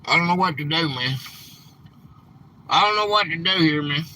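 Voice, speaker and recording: A man hosting a casual live stream, rambling and quick to get frustrated, saying "man" a lot. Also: on the high side, bright, forceful tone, low-quality recording. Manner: rambling, easily frustrated, says "man" often.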